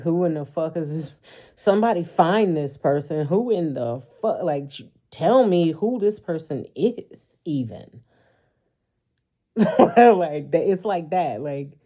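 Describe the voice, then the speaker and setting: Woman doing a tarot reading, low mellow voice, cusses a lot and keeps laughing. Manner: animated, profane, laughs often. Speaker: tarot reader. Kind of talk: casual tarot reading monologue.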